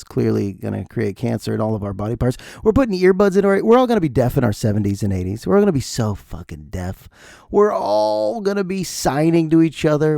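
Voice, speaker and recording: A middle-aged man riffs through a comedic podcast monologue with a gravelly, mellow voice that swings all over its range. He rants and jokes in a dry, close studio sound. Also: on the high side, no echo. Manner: animated, ranting, jokey. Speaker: podcast host.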